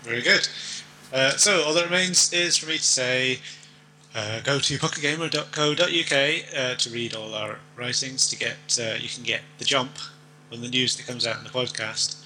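A man's voice: mid-range voice, moderate pace, pushed and bright, a little hiss or hum, low-quality recording. A man co-hosting a podcast in casual chat, rambling a little as he signs off. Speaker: podcast co-host.

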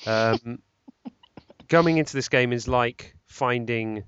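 A man's voice: medium pitch, takes it slowly, fairly bright tone, clear, resonant tone, no echo. A man co-hosting a podcast, rambling and correcting himself with lots of ums. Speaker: podcast co-host. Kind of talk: casual chat. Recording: dull, slightly lo-fi dry sound.

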